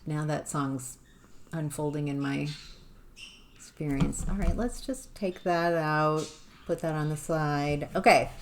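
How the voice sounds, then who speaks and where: A woman giving an intuitive tarot reading to the viewer, musing and halting, with sudden exclamations of surprise. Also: sits low, slight background noise. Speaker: tarot reader.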